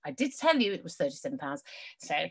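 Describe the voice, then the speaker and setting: A woman's voice: deep voice, big pitch swings, quick pace, breathy edge. A woman co-hosting an online charity quiz over a video call, dry and bickering in casual comic banter. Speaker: quiz co-host.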